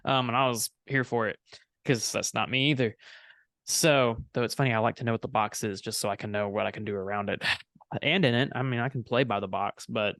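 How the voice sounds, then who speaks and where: A man's voice: mid-range voice, steady tone, a little fast, a bit bright, no echo, studio quality. A young adult man co-hosting a casual podcast, telling a rambling story and often correcting himself. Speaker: podcast co-host and student minister.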